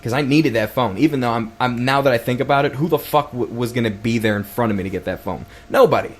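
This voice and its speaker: A man's voice: medium pitch, fast talker. A man hosting his first solo podcast, telling a rambling story full of swearing and restarts. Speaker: podcast host.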